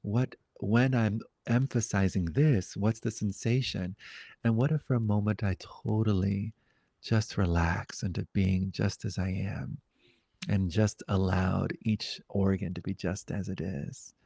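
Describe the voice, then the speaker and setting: A man leading a satsang, speaking in a reflective, gentle way with wandering pauses. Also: lowish voice, fairly even intonation, vocal fry, dry recording, clean studio sound. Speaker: satsang teacher. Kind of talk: spiritual dialogue.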